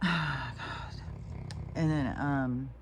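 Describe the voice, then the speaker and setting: A woman's voice: rumbling low, steady tone, drawn-out words, slight background noise. A woman talking to camera in a meandering, frank monologue, swearing freely and often restarting her sentences. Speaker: vlogger. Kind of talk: rambling casual monologue.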